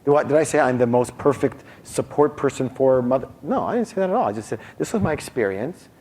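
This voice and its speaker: A middle-aged man teaching a live seminar, animated and constantly quizzing his audience. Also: mid-range voice, fast, breathy edge. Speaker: seminar speaker.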